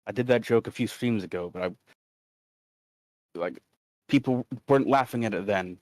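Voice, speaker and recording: A man's voice: medium pitch, a little mellow, no echo. A man co-hosting a livestream in casual chat, rambling and reading chat messages aloud. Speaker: stream co-host.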